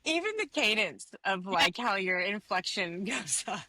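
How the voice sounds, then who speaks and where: A woman's voice: medium pitch, big pitch swings, moderate pace, background noise. A woman co-hosting a podcast, gushing and enthusiastic toward her guest. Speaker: podcast co-host. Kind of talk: casual chat.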